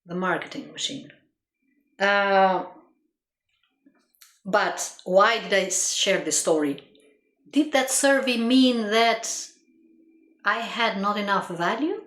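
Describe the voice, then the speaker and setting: Slow and full of long pauses, her mid-range voice has a fairly bright tone. She's a motivational speaker reflecting earnestly, repeating herself for emphasis and laughing at her own stories, recorded with a roomy echo.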